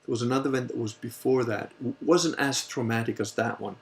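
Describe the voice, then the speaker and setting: A man hosting a casual Q&A livestream, telling a story in a rambling, animated way and swearing freely. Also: mid-range voice, a little fast. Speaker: host answering viewer questions.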